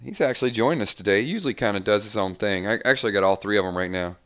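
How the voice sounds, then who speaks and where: Chatty male game master with a bright, crisp voice, easygoing stream talk. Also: lowish voice, very fast. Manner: chatty, tallies numbers aloud. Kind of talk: casual live-stream chat running a role-playing game.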